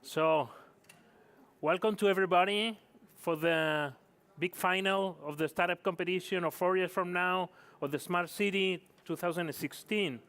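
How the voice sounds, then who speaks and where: Male stage host for a live competition, a bit high-pitched, casual and self-correcting. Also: a bit bright. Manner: chatty, apologetic, non-native phrasing. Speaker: event host. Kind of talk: live event hosting. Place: conference stage.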